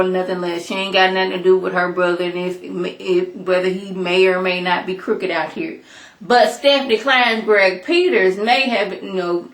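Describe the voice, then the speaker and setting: A woman's voice: medium pitch, fairly bright tone. Chatty lady recapping a show, opinionated, echoey room. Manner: chatty, opinionated, storytelling with asides. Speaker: TV episode reviewer. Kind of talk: casual recap and commentary.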